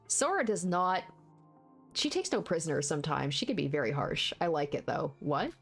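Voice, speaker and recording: A woman's voice: low voice, big pitch swings, normal speed, vocal fry, soft background music. Chatty woman reacting to a game. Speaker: let's-play streamer. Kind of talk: casual game commentary.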